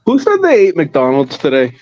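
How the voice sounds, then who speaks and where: A man's voice: fairly high pitch, wildly swooping pitch, moderate pace, darkish tone. Blunt man on a dull lo-fi line. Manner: blunt, crude. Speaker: podcast cohost. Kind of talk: casual group podcast banter.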